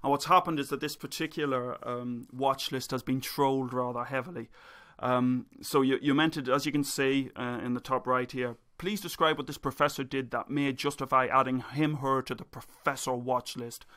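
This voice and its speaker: A man's voice: mid-range voice, steady tone, moderate pace, a bit bright. A male academic presenting a spoken video essay, ranting with sarcastic asides.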